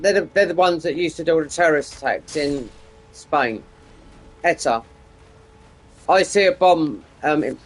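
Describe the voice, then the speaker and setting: A man, chatting casually and meandering while streaming a game. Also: fairly high pitch. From United Kingdom. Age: 50s. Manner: meandering, digressive, frequent restarts. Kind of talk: casual rambling chat while gaming.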